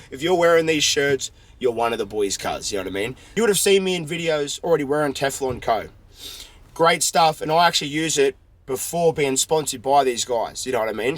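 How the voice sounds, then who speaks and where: A man's voice: a little high, lively intonation, a little fast. A man with an Australian accent hosting a podcast from inside a van, brash and crude, talking casual banter and constantly calling his listeners boys. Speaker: podcast host.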